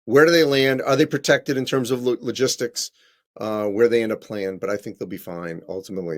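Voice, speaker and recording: A man working as a college basketball correspondent, answering viewer questions on a live stream in a conversational way, with frequent ums and quick self-corrections. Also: lowish voice.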